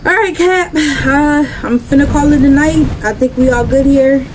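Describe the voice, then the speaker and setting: Brief: young woman, high voice, reactive slangy game commentary, game noise behind. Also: fairly even intonation, normal speed. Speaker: gaming creator. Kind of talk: casual gameplay commentary.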